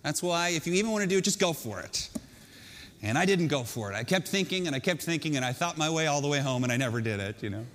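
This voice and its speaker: High-voiced male storyteller, animated and self-mocking, talking to a crowd, long hall reverb. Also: fast. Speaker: speaker telling a personal story. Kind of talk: storytelling talk to an audience.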